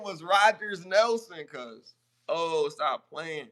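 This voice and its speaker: Excitable slangy man on a podcast. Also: on the high side, moderate pace. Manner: loose, excitable, slangy, swears often. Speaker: podcast co-host. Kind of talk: casual chat.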